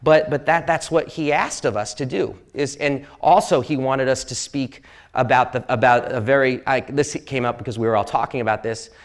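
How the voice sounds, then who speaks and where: A man's voice: mid-range voice, moderate pace. A man giving a casual storytelling talk to an audience in a university lecture hall, rambling and jokey, with plenty of fillers and restarts. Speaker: sportswriter giving a public talk.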